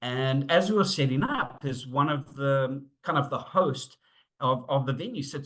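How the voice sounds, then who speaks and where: Animated middle-aged man telling stories. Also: medium pitch, normal speed. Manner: animated, acts out quoted dialogue, frequent fillers. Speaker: safety consultant presenting a webinar. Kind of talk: storytelling talk.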